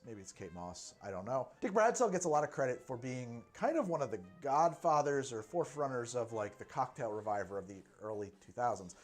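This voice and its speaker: A man hosts a cocktail show in a brisk, chatty delivery that keeps a middling pitch. He breaks off into quick asides to the viewer. Faint music sits underneath. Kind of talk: presenting a drinks show.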